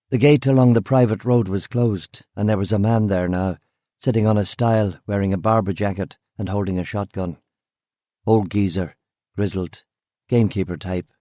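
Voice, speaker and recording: A man narrates a hard-boiled crime audiobook in a low, mellow voice. His delivery is dry and wry, measured and unhurried. The recording is close and dead dry. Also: no echo. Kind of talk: first-person noir narration.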